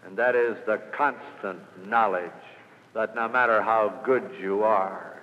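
A man's voice: on the low side, fairly even intonation, a little slow. Older man telling a sales story. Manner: storytelling, builds to loud emphatic peaks then drops quiet. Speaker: sales speaker. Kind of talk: motivational speech with anecdotes. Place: lecture hall. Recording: old lo-fi recording in a large hall.

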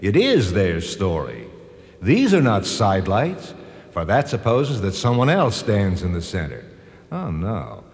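History itself in a scripted drama, earnest and gently correcting. His fairly low voice is expressive and varied in pitch, and long reverb surrounds it. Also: measured pace, exaggerated voice. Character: reflective male personification of American history.

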